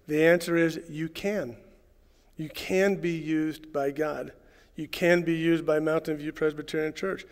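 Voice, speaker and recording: A man preaching a sermon as pastor, swinging from loud, fervent lines to soft, hushed asides. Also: a little high, long reverb tail. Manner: preacherly, rising to shouts and dropping to hushed tones. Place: church sanctuary.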